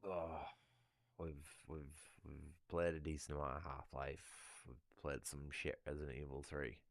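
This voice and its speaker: A man's voice: very deep voice, little pitch movement, unhurried, vocal fry, no echo, clean studio sound. A British man chatting casually on a livestream, ranting with heavy swearing. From United Kingdom. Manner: profane, ranting.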